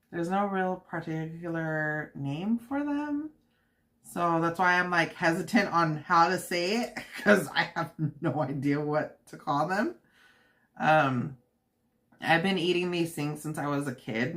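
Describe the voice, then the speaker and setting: A woman's voice: low-pitched, fairly bright tone. A woman hosting a casual home livestream, chatting to her viewers and laughing often while she makes treats in the kitchen. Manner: chatty and giggly, full of fillers and quoted asides. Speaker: livestream host.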